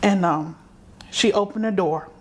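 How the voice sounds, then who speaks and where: A middle-aged woman from South Carolina appears as a guest, recounting her story conversationally in a mid-range, unhurried voice over crowd noise. She vividly acts out the voices she remembers.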